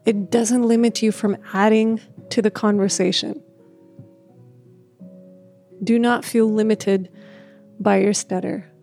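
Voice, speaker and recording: Woman, warm mellow voice, stutters, reflective personal talk, soft music behind. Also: medium pitch, little pitch movement, slow pace, pauses often. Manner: stutters, with repeated words and restarts; laughs often, speaks in a gentle, reflective way. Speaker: speaker sharing a personal story.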